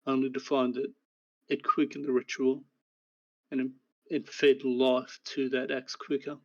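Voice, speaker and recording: A man narrating a recap of the last tabletop game session as game master, in a measured storytelling way. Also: medium pitch, little pitch movement, dull audio.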